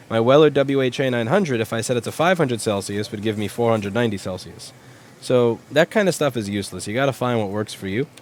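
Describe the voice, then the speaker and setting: A man's voice: fairly low pitch, slight background noise. Blunt, profane man chatting on a livestream. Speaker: livestream host, repair shop owner. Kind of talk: casual livestream chat answering viewers.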